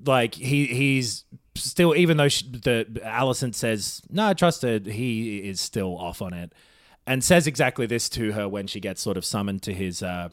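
A man's voice: lowish voice, moderate pace, no room sound, studio quality. A man in casual podcast chat, recapping a TV episode in a laid-back, swearing way with fillers. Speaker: podcast co-host.

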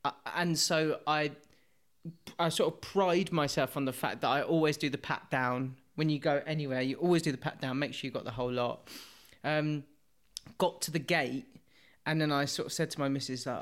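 A man's voice: fairly high pitch, steady tone, normal speed, a bit bright. Laughing, self-mocking British man. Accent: British English. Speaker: podcast co-host. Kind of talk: casual chat.

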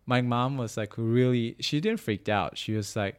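A man's voice: mid-range voice, moderate pace, smooth. A young man in casual chat, telling a story loosely with lots of fillers and laughs. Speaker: podcast co-host asking questions.

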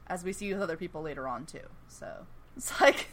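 A woman co-hosting a casual chat, recapping a TV show, animated and swearing freely as she acts out the characters' lines. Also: on the low side, a little fast, a little hiss or hum. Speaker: podcast co-host.

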